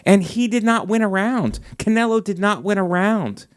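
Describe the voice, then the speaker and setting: A man hosting a podcast in casual chat, talking emphatically and getting animated when he argues a point. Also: high voice, normal speed, clear, resonant tone, no room sound, studio quality. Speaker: podcast host.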